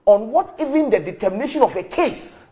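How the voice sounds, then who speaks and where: A man arguing hard in a heated live TV debate, emphatic and quick to interrupt. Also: very high voice, expressive, warm tone, husky. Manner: combative, emphatic, interrupts often. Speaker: member of parliament.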